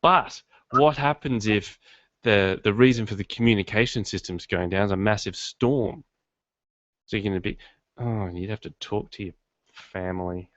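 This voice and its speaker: A man's voice: on the low side, moderate pace, a bit bright, no echo. A man hosting a podcast from his garage, chatting casually in a rambling, self-deprecating way. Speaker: podcast host. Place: home studio in his garage. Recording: dull lo-fi dry sound.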